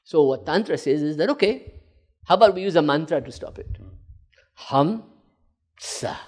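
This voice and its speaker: Animated man giving a spiritual talk. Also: fairly high pitch, a little fast. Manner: animated, laughing, acting out inner voices. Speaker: spiritual teacher.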